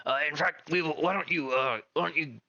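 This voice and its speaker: A man's voice: fairly high pitch, fairly quick, pushed and bright, dry recording, dull audio, voice pushed up. Man doing a stammering nervous dealer. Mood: flustered. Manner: stammering, hesitant.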